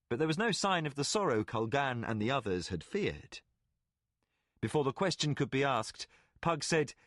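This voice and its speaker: A man narrating a fantasy audiobook in an expressive, storytelling way. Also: medium pitch, normal speed, no echo, studio quality.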